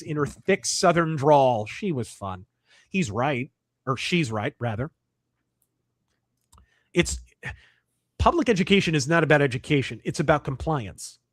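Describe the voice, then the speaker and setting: A man's voice: on the high side, fairly bright tone, dry recording, clean studio sound. A man hosting a livestream, reading chat and articles aloud and answering in a blunt, profane, wry way. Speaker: streamer host.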